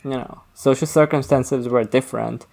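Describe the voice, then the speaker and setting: A speaker on a casual podcast works through an argument out loud. The delivery is halting, full of restarts and fillers. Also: mid-range voice, steady tone, creaky. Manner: rambling, self-correcting, thinks aloud. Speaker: podcast co-host. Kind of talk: casual book discussion.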